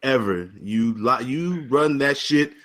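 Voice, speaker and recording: A man chatting casually as a podcast guest, animated and quick to joke, swearing freely. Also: medium pitch, background noise. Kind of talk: casual chat.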